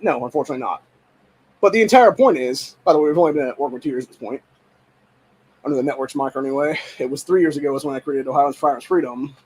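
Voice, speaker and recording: A young man from Ohio hosting a show, ranting angrily and profanely, often shouting. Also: mid-range voice, breathy edge, poor audio. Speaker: podcast host. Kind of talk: angry political rant.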